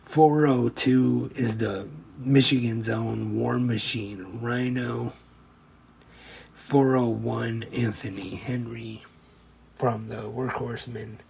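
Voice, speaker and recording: Slow, flat-voiced man reading a list. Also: medium pitch, creaky, poor audio. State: losing his voice a little. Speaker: podcast host.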